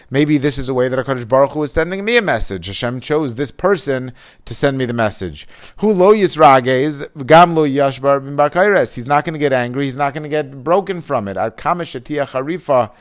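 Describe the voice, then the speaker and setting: A man gives a Torah lesson, reading Hebrew passages aloud and then explaining them. His explanations are loose and conversational, full of "you know" and restarts. His voice sits at an ordinary middle pitch for a man. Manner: reads Hebrew text aloud, then explains it in casual English with many fillers. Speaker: Torah teacher. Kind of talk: explaining a Hebrew mussar text.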